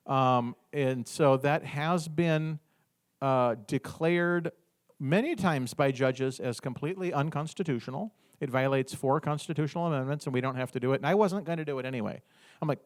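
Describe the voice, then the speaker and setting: A man giving an informal business workshop talk, animated, acting out little dialogues with the audience. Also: mid-range voice, moderate pace.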